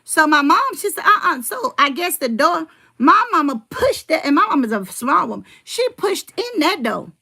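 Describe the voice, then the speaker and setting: A woman's voice: high-pitched, very animated, normal speed, vocal fry, pushed and bright. A middle-aged woman rambling in casual livestream chat, telling family stories and answering her viewers' comments.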